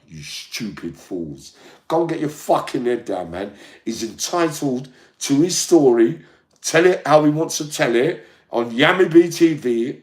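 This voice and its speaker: Older man, combative and profane, ranting straight to his viewers. His pitch swings widely from low mutters to high shouts. The sound has a noticeable echo from the room. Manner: profane, combative, keeps asking "yeah?". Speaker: online channel host.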